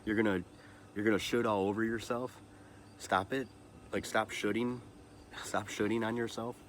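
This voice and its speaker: A man's voice: fairly low pitch, little pitch movement, normal speed, slight background noise. A man in his thirties hosting a podcast, talking through a personal, emotional monologue that halts, repeats words and restarts often, with motivational asides. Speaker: podcast host.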